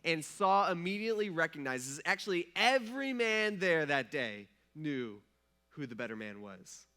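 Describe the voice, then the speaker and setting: A man's voice: on the high side, very animated, normal speed, pushed and bright. A male pastor preaching a sermon in a casual storytelling way, slipping into the characters' voices as he retells the story. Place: church.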